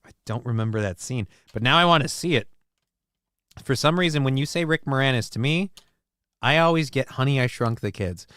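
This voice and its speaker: Smooth-voiced, profane livestream host. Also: male voice, medium pitch, animated, fairly quick, a bit bright, no echo, clean studio sound. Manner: rambling, profane, self-mocking. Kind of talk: casual livestream chat.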